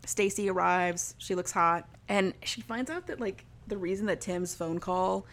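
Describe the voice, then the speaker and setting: A woman's voice: mid-range voice, unhurried. A young woman casually recapping a TV show for a podcast, chatty and full of "like", laughing often. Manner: chatty, heavy use of "like", frequent laughs.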